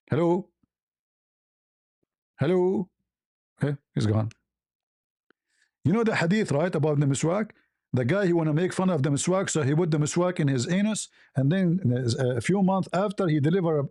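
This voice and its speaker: High-voiced sarcastic man, non-native English. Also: darkish tone, no echo, clean studio sound. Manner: sarcastic, incredulous, halting with many fillers. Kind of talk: mocking commentary.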